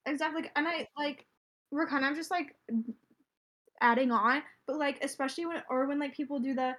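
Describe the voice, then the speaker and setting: A teenage girl co-hosting a casual podcast chat, ranting quickly and with animation. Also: sits high, steady tone, a bit bright. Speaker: podcast co-host.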